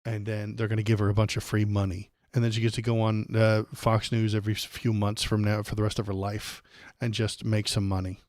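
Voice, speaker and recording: A man's voice: fairly low pitch, level tone, a little fast, few pauses, darkish tone, no echo, clean studio sound. A man hosting a live political stream, ranting angrily and sarcastically with plenty of profanity. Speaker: livestream political commentator.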